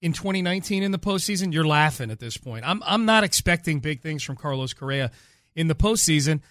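A man with a fairly high voice hosts a casual sports talk show. He reads numbers slowly and deliberately, and the sound is dry and close to the mic. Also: lively intonation, fairly bright tone, no echo. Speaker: sports radio host.

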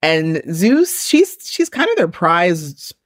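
A woman's voice: fairly low pitch, very animated, slow pace, no room sound. A woman guesting on a podcast, chatting casually and agreeably about celebrity gossip.

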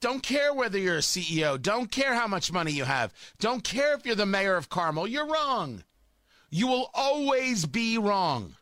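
A man's voice: high voice, big pitch swings, normal speed, fairly bright tone, no echo. A man delivering a sarcastic, combative opinion monologue as a talk show host.

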